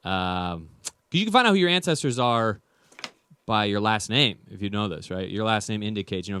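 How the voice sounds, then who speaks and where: Brief: male stand-up comic, clear and bright-toned, rambles with lots of fillers. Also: lowish voice, no echo. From United States. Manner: rambling, self-deprecating, with many fillers. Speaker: stand-up comedian. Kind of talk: stand-up comedy set.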